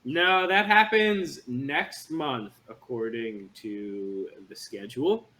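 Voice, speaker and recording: A man's voice: mid-range voice, slow pace, bright, forceful tone. A man chatting casually as a player in a tabletop game stream, laid-back and joking. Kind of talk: casual chat.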